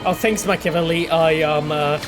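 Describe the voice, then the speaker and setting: A man's voice: fairly high pitch, fairly even intonation, normal speed, music in the background. A man streaming a game he helped make, chatting casually with viewers and thinking aloud with lots of fillers and swearing. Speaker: game developer streaming gameplay. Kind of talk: casual livestream commentary.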